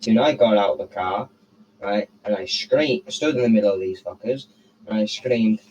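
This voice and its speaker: A teenage boy with a lowish voice is telling a story on a casual podcast. He rambles and swears freely, and he tags nearly every sentence with "right?". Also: normal speed, a little mellow, low-quality recording. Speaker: podcast co-host.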